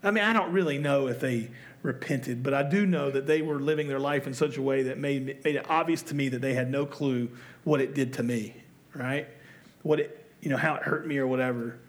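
A pastor with a mid-range voice preaches a sermon at a slightly quick pace. His style is conversational and self-deprecating, and he often puts rhetorical questions to his listeners.

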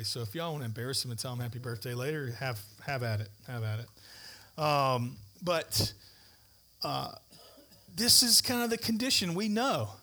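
A man preaching an Easter sermon in a church, conversational and animated, with stories and asides. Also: fairly high pitch. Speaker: pastor.

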